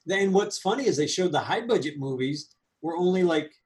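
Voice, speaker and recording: A man co-hosting a casual movie review chat, animated and laughing, with quick asides. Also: fairly high pitch. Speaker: podcast co-host.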